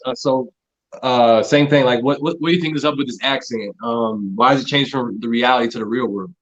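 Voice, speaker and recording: A man hosting a casual podcast chat, asking questions hesitantly with many pauses and ums. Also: mid-range voice, fairly bright tone. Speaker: host. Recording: dull lo-fi audio.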